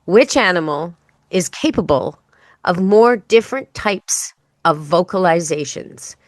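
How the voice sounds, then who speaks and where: A woman's voice: lowish voice, expressive, a little slow, dry recording, studio quality. A woman hosting a pet radio show, chatting casually and playfully. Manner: chatty, playful, imitates animal sounds. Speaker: podcast host.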